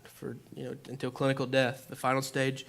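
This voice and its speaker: The young preacher speaks in a mid-range, monotone, creaky voice that's fairly bright and a little fast, with slight hiss or hum. In his casual church sermon he recounts a personal story, full of "like" and acting out his reactions.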